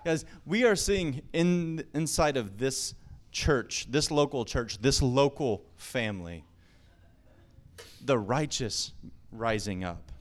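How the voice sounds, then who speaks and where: A male pastor delivering a sermon at a middle pitch, his voice swelling and pushing forward on key lines. He preaches with emphatic, building energy, pressing each point home. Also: takes it slowly. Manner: emphatic, rising to excited exclamations.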